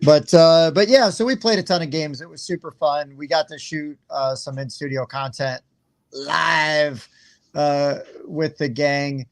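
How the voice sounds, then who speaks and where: A man's voice: fairly high pitch, unhurried. A man co-hosting a casual chat about games, rambling and laughing easily. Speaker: co-host.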